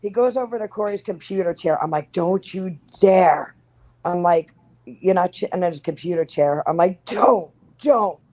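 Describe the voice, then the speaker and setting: A woman's voice: fairly low pitch, normal speed, darkish tone, poor audio. A woman on a casual podcast, telling an exasperated, profane family story as the mother.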